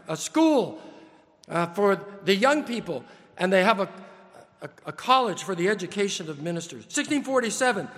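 A man's voice: high voice, bright, forceful tone, long reverb tail. A man preaching a sermon, building his points in emphatic lists with rising stress.

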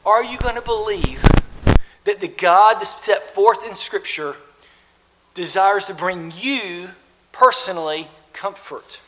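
A man with a high, bright, forceful voice preaching a Sunday sermon. He talks earnestly, repeats his phrases for weight, and swings between loud emphasis and quiet intensity. The sound carries a long hall reverb from a church sanctuary. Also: slow, a little hiss or hum. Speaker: pastor.

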